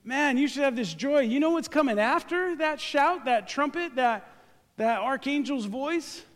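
A man preaching a lively, joking sermon, speaking straight to his congregation during a live church service. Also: extremely high pitch, unhurried. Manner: joking, animated, talks to the congregation directly. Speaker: pastor. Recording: live church recording with long hall reverb.

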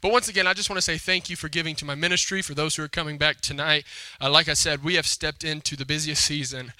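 A man preaching a lively sermon, calling out to the congregation for responses. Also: a little high, fast, clear, resonant tone, no echo. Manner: energetic, call-and-response with congregation. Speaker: pastor.

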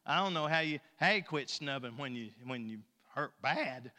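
A man's voice: on the high side, fairly quick. Folksy preacher man in a reverberant hall. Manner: folksy, joking, swings between loud and soft. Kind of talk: sermon.

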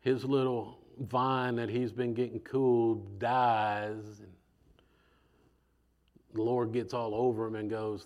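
A man preaching a sermon in a conversational, animated way, acting out voices as he goes. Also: mid-range voice, slow pace, lo-fi sound.

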